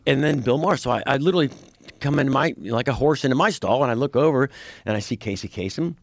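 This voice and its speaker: A man, a comedian guest, telling stories in casual chat in an animated, profane, laughing way. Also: mid-range voice, quick pace, gravelly, no room sound.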